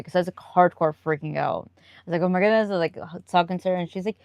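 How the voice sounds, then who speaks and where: A woman's voice: on the low side, a little fast, dry recording. A woman live streamer chatting casually and answering viewer comments, rambling and laughing often.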